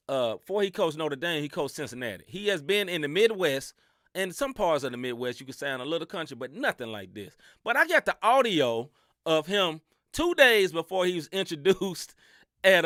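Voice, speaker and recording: A Mid-South man with a Southern American accent co-hosts a casual sports podcast full of slangy, laughing banter. His voice is on the high side, bright, and very animated at a normal speed, with a dry, studio-quality recording.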